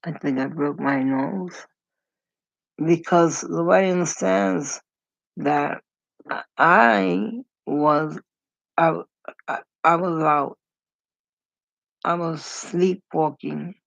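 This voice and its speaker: Slow, deeply gravelly woman storyteller. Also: fairly even intonation, no echo. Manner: rambling, acts out the people in her stories. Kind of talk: casual storytelling vlog. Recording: dull lo-fi recording.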